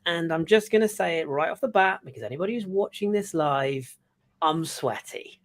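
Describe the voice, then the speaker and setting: A man's voice: fairly high pitch, lively intonation, normal speed, creaky. A man hosting a podcast in casual, jokey chat. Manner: jokey, self-mocking banter. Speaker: podcast host.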